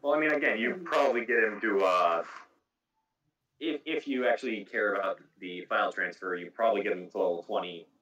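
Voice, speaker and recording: A man's voice: lowish voice, a little fast, pushed and bright. A man hosting a casual podcast chat about video games, explaining game details at length. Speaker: podcast host. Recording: echoey room, distant mic.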